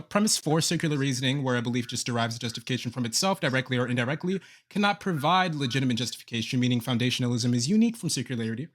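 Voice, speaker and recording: A man in an online debate, mock-polite, reading out numbered premises and chuckling between them. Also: on the high side. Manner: mock-polite, reads premises aloud with laughs. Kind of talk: online debate, reciting a formal argument.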